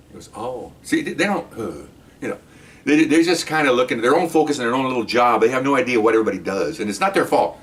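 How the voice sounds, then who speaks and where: A man's voice: medium pitch, animated, quick pace, far from the mic, slight background noise. An older man, a retired police detective, telling stories from his career in a blunt, wry way and acting out both sides of the conversations. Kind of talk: casual storytelling.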